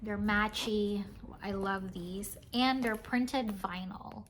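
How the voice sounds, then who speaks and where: Woman vlogger, unhurried chatty show-and-tell, giggly, faint hiss behind. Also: medium pitch. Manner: chatty, giggly, says "like" often. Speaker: cross-stitch vlogger. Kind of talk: casual show-and-tell chat.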